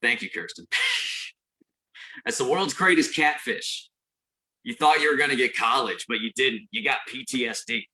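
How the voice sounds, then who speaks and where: Man, stand-up comedian, bright voice, deadpan storytelling, sudden high outbursts, live venue. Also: a little slow, pauses often, poor audio.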